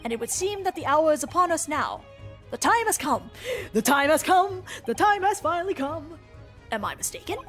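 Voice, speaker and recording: A woman voicing a pompous, eccentric male gentleman detective in a video game, reading his lines aloud in a grandiose, theatrical way. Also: sits high, animated, normal speed, soft background music.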